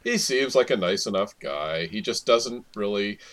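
A man's voice: on the low side, animated, moderate pace, fairly bright tone. A man co-hosting a casual podcast, rambling and correcting himself as he goes. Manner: rambling, self-correcting, frequent laughs. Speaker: podcast co-host.

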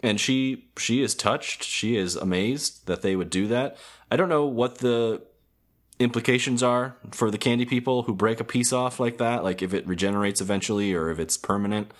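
A man's voice: medium pitch, moderate pace. A man co-hosting a podcast, casually recapping a cartoon episode in a rambling, hesitant way, full of ums and self-corrections. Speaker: podcast co-host.

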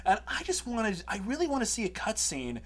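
A man talks fast and high on a geek podcast, animated and jokey. He drops into quick mock voices mid-sentence. The talk is loose, casual banter. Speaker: podcast co-host. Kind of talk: casual chat.

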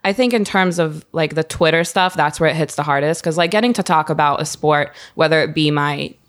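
A woman's voice: low voice, brisk, fairly bright tone. A woman in casual podcast chat as a guest, laid-back and slangy, laughing often.

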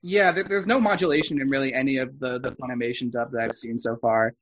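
A man's voice: mid-range voice, steady tone, fast, lo-fi sound. A man co-hosting a casual chat, rambling with fillers and restarts. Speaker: podcast co-host. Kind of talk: casual chat reviewing an anime dub.

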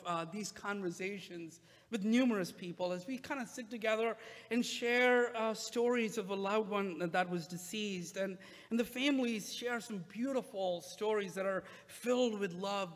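High-voiced male pastor in a reverberant church. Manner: conversational preaching with many "uh" fillers. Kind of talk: sermon.

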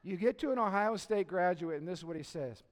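A middle-aged pastor preaches conversationally, questioning his congregation and sprinkling in humor, his slightly high voice animated and fairly quick. He swings from quiet, intimate moments to loud, emphatic high points, all carried by the long reverb of a church sanctuary.

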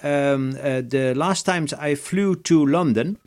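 Halting man with lots of fillers. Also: fairly high pitch, darkish tone. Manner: halting, many fillers and restarts. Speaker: podcast co-host. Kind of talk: casual chat.

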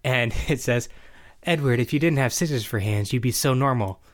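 A man's voice: medium pitch, normal speed. Male co-host, casual, acts out quoted lines while recapping. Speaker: podcast co-host recapping a show. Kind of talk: casual chat.

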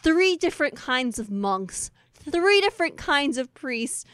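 A woman co-hosting a casual podcast chat, talking in a relaxed, conversational way and laughing easily. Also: sits high, unhurried, no echo, studio quality. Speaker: podcast co-host.

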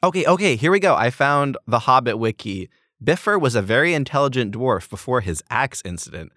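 A man's voice: mid-range voice, big pitch swings, a little fast, pushed and bright, no echo, clean studio sound. A man co-hosting a fantasy world-building podcast, chatting in a playful, giggly, rambling way. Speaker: podcast co-host. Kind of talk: casual comedic chat.

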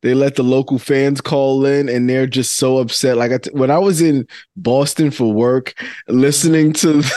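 A man's voice: medium pitch, steady tone, normal speed, mellow, dry recording, clean studio sound. A man co-hosting a casual sports podcast, chatty and laughing as he talks. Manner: chatty, laughs while talking. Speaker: podcast co-host.

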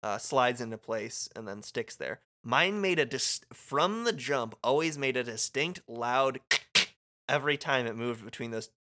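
A man's voice: mid-range voice, animated, measured pace, bright, forceful tone. A man co-hosting a game playthrough, chatting casually, rambling and laughing often. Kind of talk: casual chat while reading game dialogue.

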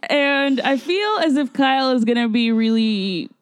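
A woman's voice: high-pitched, lively intonation, unhurried, dry recording. A woman hosting a podcast, chatting in a rambling, giggly way. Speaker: podcast host. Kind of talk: casual chat.

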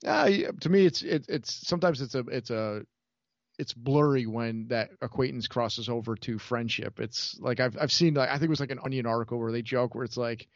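A man's voice: mid-range voice, fairly quick, no echo, lo-fi sound. Laid-back male podcast guest, dry sound. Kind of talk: casual movie discussion.

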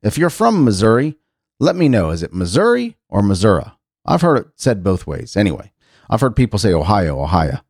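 His pitch swings hugely in a lowish, slightly mellow voice, and he talks briskly. The middle-aged host of a casual radio-style chat show, he reads news items aloud, musing, rambling and restarting often, in a dry studio-quality recording.

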